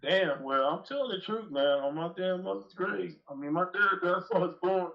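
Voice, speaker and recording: A man's voice: sits high, brisk, gravelly, dull audio. A man telling a long, profane, rambling story on a live call-in show. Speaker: guest dog breeder.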